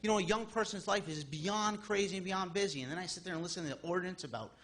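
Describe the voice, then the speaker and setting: A man's voice: high-pitched, quick pace, a bit bright. A man in his thirties speaking at public comment during a town board meeting, rambling and exasperated, with many restarts. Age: 30s.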